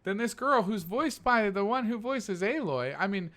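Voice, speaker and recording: A man co-hosting a casual chat about video games, animated and full of restarts. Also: high-pitched, moderate pace. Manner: animated, talks over others with many restarts. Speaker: podcast co-host.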